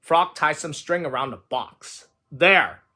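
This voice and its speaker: A man narrates a children's storybook aloud, his reading expressive and lilting. His voice sits high, with a bright, sharp tone and lively ups and downs. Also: measured pace. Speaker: storybook reader.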